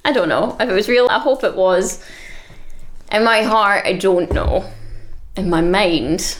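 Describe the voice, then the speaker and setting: A woman's voice: mid-range voice, a little slow. A woman co-hosting a casual chat, telling a story in a rambling, giggly way, full of filler words. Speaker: podcast co-host recapping a show.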